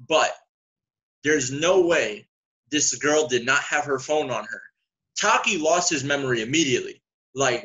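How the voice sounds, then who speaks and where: A male podcast guest in casual chat, reasoning in a measured, wry way. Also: medium pitch, pushed and bright. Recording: dull lo-fi sound.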